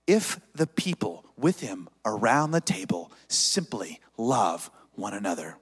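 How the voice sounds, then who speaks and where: A man's voice: mid-range voice, sing-song, unhurried, a bit bright, slightly rough, big-room sound, a faint crowd. A man pastor preaching a sermon, dynamic and leading the congregation in call-and-response.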